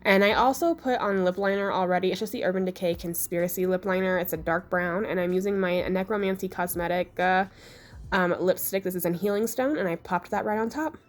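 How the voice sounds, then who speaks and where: A young woman with a hoarse, sick-sounding voice, chatting her way through a makeup tutorial voice-over in a relaxed, self-deprecating way. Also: on the low side, brisk. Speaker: beauty vlogger.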